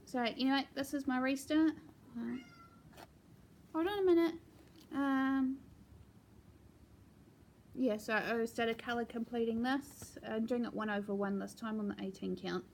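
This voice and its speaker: A woman chatting casually at home as she shows her cross-stitch projects, talking in a relaxed way with plenty of ums and asides. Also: fairly high pitch, brisk, few pauses, slight background noise. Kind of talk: casual show-and-tell chat.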